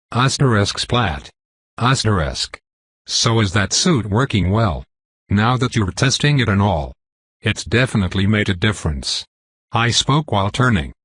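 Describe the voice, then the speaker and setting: A man in scripted narration of a fantasy story, reading in an even, plain way with a husky voice. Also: on the low side, no room sound.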